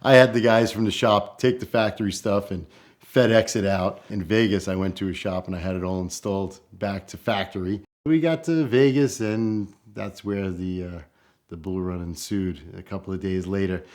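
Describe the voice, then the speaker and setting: Middle-aged man from New York, lowish voice, casual storytelling, animated quoting. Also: normal speed. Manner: animated, acts out quoted voices with rising pitch. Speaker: storyteller guest.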